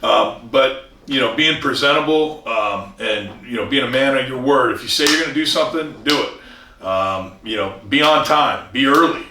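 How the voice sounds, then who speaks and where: A man's voice: medium pitch, normal speed, echoey room, recorded from a distance, noisy background. A man, a commercial real estate broker, speaking earnestly as an interview guest, often restarting and acting out what others said. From Southern California. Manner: earnest, many restarts, acts out quoted people. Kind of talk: casual interview talk.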